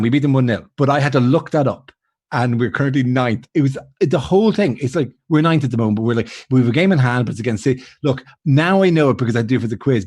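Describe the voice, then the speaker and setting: A man's voice: mid-range voice, darkish tone, dry recording. A man telling stories in an easy, rambling way, often laughing at himself and stopping to restart his sentences. His voice sits in a middle register and sounds dry and close, with no room around it. Laid-back chat over a video call. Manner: rambling, self-mocking storytelling with frequent laughs and restarts. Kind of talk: casual chat on a charity livestream.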